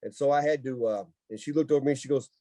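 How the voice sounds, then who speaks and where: A man co-hosting a casual podcast, telling lively family stories with laughter. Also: medium pitch, rapid-fire, dry recording. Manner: laughing, animated storyteller. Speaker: podcast co-host. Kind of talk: casual storytelling chat.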